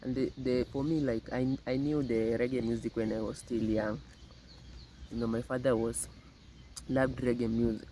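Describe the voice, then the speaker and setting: Reaction host, male, dark mellow tone, unhurried and repetitive, recorded outdoors with faint birds and insects. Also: mid-range voice, steady tone, slight background noise, low-quality recording. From Kenya. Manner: unhurried, repeats words often. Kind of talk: casual commentary.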